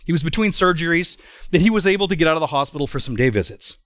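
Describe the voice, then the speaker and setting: A middle-aged man preaching through a personal story, swinging widely in pitch as he talks. His voice sits fairly high for a man, and the sound is close and dry. He talks emphatically and often restarts his sentences. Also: very fast, no room sound. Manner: animated, emphatic, with frequent restarts. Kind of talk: storytelling sermon.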